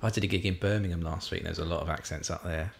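Quick, playful Englishman. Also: deep voice, fairly even intonation, creaky. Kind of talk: casual chat.

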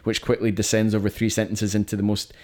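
A man's voice: lowish voice, completely flat delivery, fast talker, a little mellow. A man co-hosting a film podcast, talking in a chatty, opinionated way and often restarting his sentences. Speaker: podcast co-host reviewing films. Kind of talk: casual chat.

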